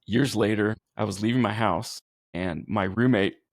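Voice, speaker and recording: A man from California with a low, gravelly voice, speaking as a firefighter guest. He talks in an earnest, easygoing and slightly goofy way. The recording is close and dry. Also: normal speed, no room sound. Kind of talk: casual storytelling.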